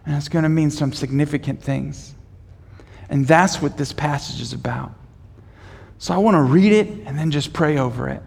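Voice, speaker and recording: High-voiced preacher in a reverberant hall. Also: male voice, fairly quick, creaky. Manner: preaching with swells from quiet to loud, leading the congregation in responses. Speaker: pastor. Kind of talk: sermon. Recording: long reverb of a large hall.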